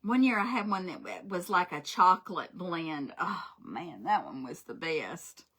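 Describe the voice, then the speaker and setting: A woman's voice: on the low side, expressive, a little slow, a bit bright, husky. A woman, chatting and telling stories while crafting live, laughing often. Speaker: craft livestream host. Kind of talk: casual chat while crafting.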